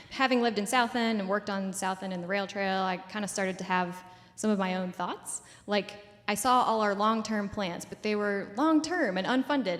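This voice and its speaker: Young woman, public talk, casual, filler-heavy, mid pitch, echoey hall. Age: 20s. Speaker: community event speaker.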